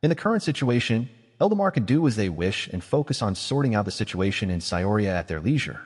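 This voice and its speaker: A man voices a cool, scheming mage who lays out threats in a measured, reasoning tone. The voice sits low and a little husky, and a long reverb trails behind it. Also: big pitch swings. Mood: calm. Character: calm scheming male mage, coolly persuasive.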